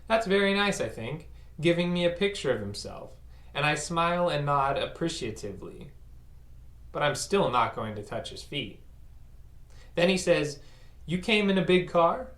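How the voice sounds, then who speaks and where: A man's voice: a little high, animated, moderate pace, fairly bright tone. A man telling a personal story in a conversational, self-mocking way, acting out the voices of the people in it. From United States. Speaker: speaker recounting a personal story. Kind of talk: first-person storytelling talk. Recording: roomy echo.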